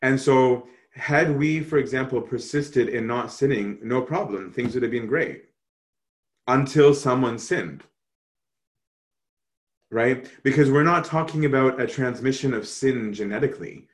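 Animated man explaining theology casually. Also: mid-range voice, unhurried. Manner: animated, conversational, frequent "right?" tag questions. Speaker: Christian teacher answering questions.

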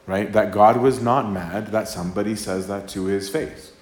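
Male priest, lowish voice, casual sermon delivery, acts out quotes, peppers in "right?", echoey live room. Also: fairly even intonation, moderate pace, a little mellow. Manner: conversational, acts out quoted dialogue, frequent "right?". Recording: roomy live talk with faint ambience.

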